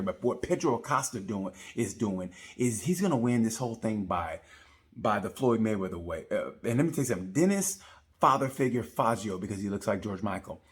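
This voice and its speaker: A man giving a rambling, profane comedic review of a motorcycle race. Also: fairly low pitch. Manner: rambling, profane, animated storytelling. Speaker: comedy racing commentator.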